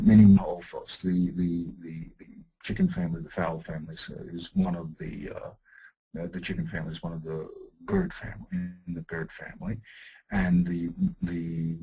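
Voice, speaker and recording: Gravelly deep-voiced man teaching a text. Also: a little mellow, rough recording. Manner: halting, many restarts and fillers while explaining a text. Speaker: Talmud teacher. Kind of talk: classroom text lesson.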